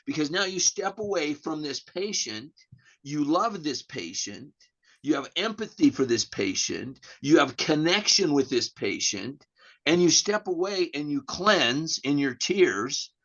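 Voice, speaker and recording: Animated middle-aged man, dull lo-fi sound. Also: fairly high pitch, unhurried. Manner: animated storyteller, repeats words, acts out dialogue. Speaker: guest. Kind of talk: candid podcast conversation.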